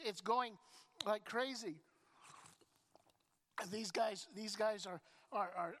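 Lady preaching, animated storyteller, says and and and a lot, big hall echo trailing off. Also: on the high side. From Canada. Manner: animated storytelling, often repeats words when starting a thought. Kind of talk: sermon. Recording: long reverb in a large hall.

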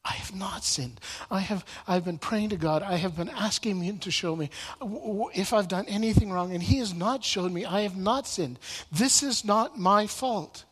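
A man's voice: high voice, moderate pace, fairly bright tone, breathy edge. A man voicing an anguished ancient man who pleads his innocence, stammering over his words. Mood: insistent. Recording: long reverb in a large room.

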